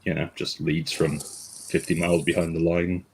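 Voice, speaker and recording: Deep-voiced man giving measured opinions. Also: little pitch movement, a little hiss or hum, rough recording. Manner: measured, opinionated, dry asides. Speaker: stream moderator. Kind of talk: casual panel chat.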